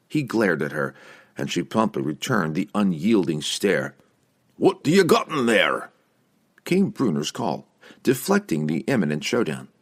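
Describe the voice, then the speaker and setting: A man reading a fantasy novel aloud as narrator in an expressive, varied delivery. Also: low voice. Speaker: audiobook narrator.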